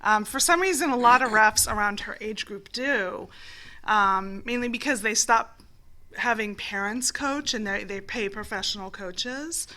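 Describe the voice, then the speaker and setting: A woman's voice: medium pitch, measured pace, bright, forceful tone. A middle-aged woman co-hosting a casual radio talk chat, chatty and laughing often. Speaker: co-host.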